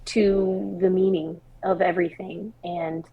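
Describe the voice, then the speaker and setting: A young adult woman from Washington State, a singer-songwriter guest telling a personal story in a candid, expressive podcast interview. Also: on the low side, a little slow, breathy edge, phone-quality sound. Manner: candid, expressive storytelling with laughs and quoted dialogue.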